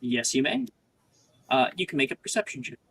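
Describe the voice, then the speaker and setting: A man narrating as game master of a tabletop game in a relaxed, chatty way with many fillers. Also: medium pitch, brisk, gravelly, husky, low-quality recording.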